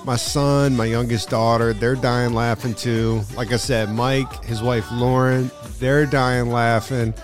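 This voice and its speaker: A middle-aged man hosting his podcast, telling a vacation story in a casual, excited way and calling the listener "dude" a lot. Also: medium pitch, unhurried, few pauses, music in the background. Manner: excited, slangy, keeps saying "dude". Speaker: podcast host.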